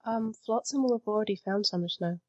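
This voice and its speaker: A woman's voice: mid-range voice, fast, dull audio. A woman playing a tabletop role-playing game, speaking in a dry, understated way. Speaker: player.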